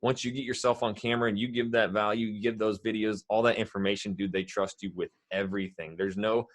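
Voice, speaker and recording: Male agent guest, lowish voice, animated and profane storyteller. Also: fast talker. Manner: animated, swearing, full of storytelling. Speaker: real estate agent guest. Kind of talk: casual podcast chat.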